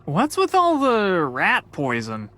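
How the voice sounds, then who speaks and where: A woman's voice: medium pitch, huge pitch swings, slow pace, fairly bright tone, exaggerated voice. A woman voicing a clumsy, good-natured young male lab assistant in a game, quippy and mildly sarcastic. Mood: curious. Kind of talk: video game voice acting.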